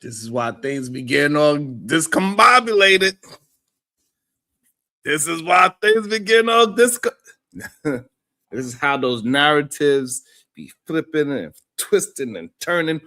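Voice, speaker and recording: A man hosting a live stream, giving animated, profane reaction commentary and laughing often. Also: fairly high pitch, a little slow, long pauses.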